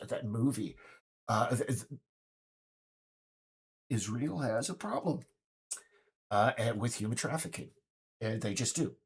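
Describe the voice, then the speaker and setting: A man's voice: mid-range voice, lively intonation, a little slow, pauses often, slightly rough. A man in his fifties speaking in a casual, indignant, rambling monologue full of restarts. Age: 50s. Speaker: game developer vlogger.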